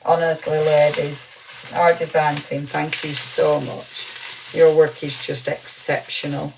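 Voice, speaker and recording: Low-voiced gushing craft presenter woman. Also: flat delivery, takes it slowly, vocal fry, distant mic, noisy background. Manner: gushing, rambling, with frequent ums and laughs. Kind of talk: chatty live craft broadcast.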